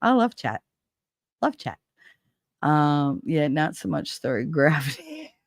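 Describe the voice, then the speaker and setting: A woman's voice: sits low, very animated, slow, no echo, studio quality. A woman hosting a livestream, chatting casually with viewers, blunt and swearing freely, laughing often. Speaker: livestream host. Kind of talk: casual chat with live viewers.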